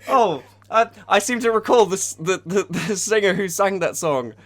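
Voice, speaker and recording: Brief: playful co-host, voice swings widely in pitch, laughs constantly, remote call. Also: lively intonation, fairly bright tone. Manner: playful, quick-witted, laughs a lot. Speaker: podcast co-host. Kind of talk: casual comedic chat.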